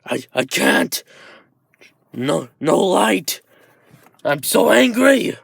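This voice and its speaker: A man voicing an enraged male shadow creature in a fan-told story, speaking in halting, agitated bursts. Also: fairly high pitch, expressive, vocal fry, slightly rough, no room sound, clean studio sound, heavily acted. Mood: angry.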